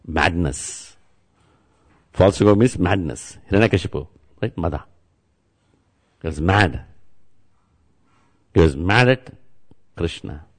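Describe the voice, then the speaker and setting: A man with a low, creaky voice preaches a devotional sermon as a spiritual teacher. He repeats words and chants in a chant-like way and speaks directly to his listeners.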